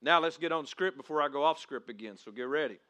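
High bright-voiced preaching pastor. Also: male voice, quick pace. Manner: dramatic, shouting crowd voices in reenactment; prays then preaches with rising emphasis. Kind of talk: sermon.

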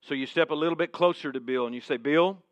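A male preacher tells a sermon story in the second person and drops to a hush at key points. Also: fairly high pitch, rapid-fire, dry recording. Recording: dull, dry sound.

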